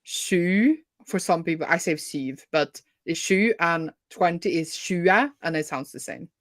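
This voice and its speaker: A woman's voice: fairly low pitch, measured pace, no room sound. A woman from Norway with a Bergen accent, chatting casually with a friend during a reading sprint, giggly and full of fillers. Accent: Norwegian, Bergen. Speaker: booktuber co-host. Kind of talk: casual chat on a reading stream.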